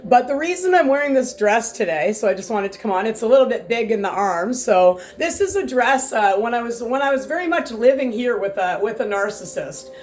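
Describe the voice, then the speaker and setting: A woman's voice: fairly high pitch, lively intonation, fairly quick, few pauses, a little mellow, a little hiss or hum. A woman vlogging from home in a casual, heated rant, rambling and swearing with lots of restarts, filmed by a camera set far back in the room. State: sore back.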